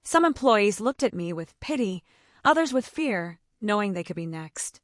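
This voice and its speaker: A woman's voice: mid-range voice, very animated, normal speed, no echo, clean studio sound. Woman narrating a dramatic story. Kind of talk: scripted first-person story narration.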